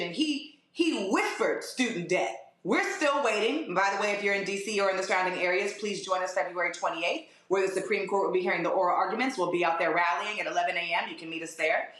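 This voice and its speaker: A woman's voice: fairly high pitch, fairly bright tone. Impassioned young woman, echoey audio. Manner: passionate, emphatic, mocking quotes. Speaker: panelist, activist. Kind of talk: live political commentary. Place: outdoors in a city.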